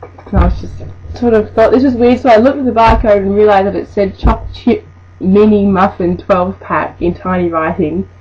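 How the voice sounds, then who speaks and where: A woman's voice: medium pitch, fairly even intonation, normal speed, a little mellow, husky. An eighteen-year-old woman, telling a work story in a chatty, exasperated, rambling way. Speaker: vlogger. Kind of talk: storytime monologue. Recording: dull lo-fi with faint noise.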